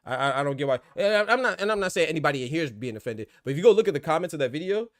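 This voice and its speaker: A man hosting a boxing podcast, talking fast in casual debate and repeating words as he thinks. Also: a little high, lively intonation, fairly bright tone, dry recording, studio quality.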